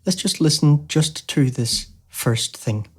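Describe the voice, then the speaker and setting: A man hosting a music software tutorial, explaining casually with lots of fillers like "you know" and "um". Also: fairly high pitch, expressive, slow pace. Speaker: tutorial host. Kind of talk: screen-recorded software tutorial.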